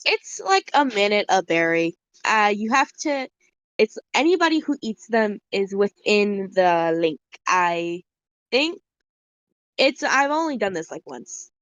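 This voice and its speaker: A woman's voice: mid-range voice, sing-song, unhurried, fairly bright tone, no echo. A woman narrating as game master of a tabletop game on a call, rambling with many fillers.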